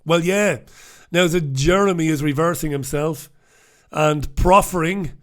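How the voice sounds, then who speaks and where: A radio host from the north of England, ranting bluntly and swearing through a newspaper review, close to the microphone. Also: male voice, on the high side, unhurried. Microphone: talking close into two microphones.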